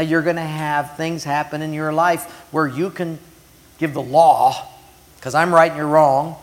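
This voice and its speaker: Middle-aged male pastor, dramatic sermon with loud peaks and quiet asides, higher voice, echoing sanctuary sound. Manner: dramatic, swings between loud emphasis and soft hushed asides. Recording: long reverb of a large hall.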